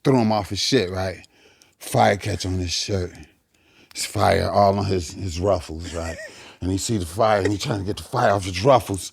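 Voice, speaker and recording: A middle-aged man, a guest comedian, telling a casual story in a gravelly voice and acting out the people in it. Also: deep voice, normal speed, no echo. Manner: animated storyteller, acts out shouted quotes.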